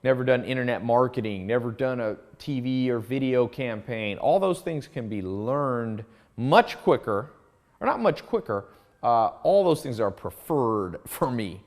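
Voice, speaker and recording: A man teaching a course in a casual monologue, telling stories with lively asides and restarts. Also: medium pitch, a little slow. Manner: storytelling, animated, with asides and restarts. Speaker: course instructor.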